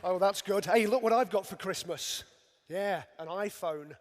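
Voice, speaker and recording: A man's voice: high voice, moderate pace, faint music behind. A middle-aged man, a magician, doing dry, self-mocking comic patter on a stage. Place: large arena stage. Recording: long arena reverb.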